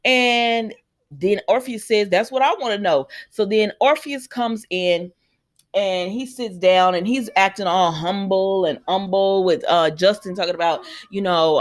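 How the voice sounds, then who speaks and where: A woman casually recapping a soap opera episode at home, acting out the characters' lines with sudden jumps in her voice. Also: unhurried. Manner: animated retelling, acting out lines with jumps in pitch.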